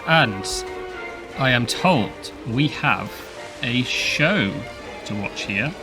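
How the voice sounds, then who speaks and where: A man's voice: medium pitch, lively intonation, drawn-out words, music in the background. A man hosting a casual video game park tour, chatty and playful, laughing often. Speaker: channel host.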